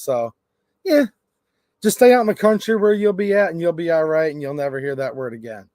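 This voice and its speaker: On his gun rights livestream, a man with a slightly high, somewhat mellow voice talks briskly, rambling and joking as he reads chat messages aloud. Clean studio sound, no echo.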